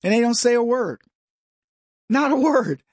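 A man's voice: very high voice, animated, unhurried, slightly rough, dry recording, clean studio sound. A man hosting a commentary show, talking in a rambling way and mimicking voices in his anecdotes. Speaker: show host. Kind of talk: opinionated commentary.

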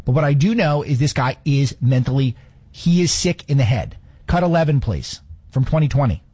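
A man's voice: mid-range voice, animated, moderate pace, dark tone, husky. A man in his thirties hosting a political commentary show, sarcastic and fond of mocking rhetorical questions. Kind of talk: opinionated monologue with played clips.

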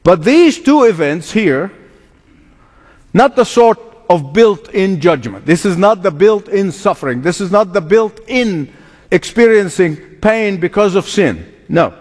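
A man preaches a sermon, his high voice swooping up and down as he lingers slowly over each phrase. He hammers his points with sudden emphatic bursts and chuckles between them. The sound carries a long reverb of a large hall. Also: lively intonation. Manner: emphatic preaching with dramatic slowdowns and sudden outbursts. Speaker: pastor.

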